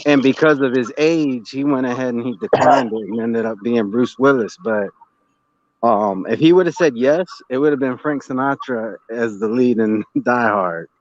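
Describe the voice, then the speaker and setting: A man calling in to a casual chat, talking with halting, stammering restarts. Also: mid-range voice, no echo. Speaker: guest caller. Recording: dull lo-fi call audio.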